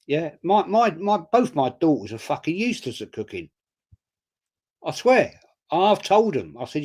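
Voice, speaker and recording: A man's voice: a little high, normal speed, slightly rough. An older man telling blunt, sweary stories in casual live-stream chat. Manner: blunt, sweary storyteller, loud and animated. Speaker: guest on a fan stream.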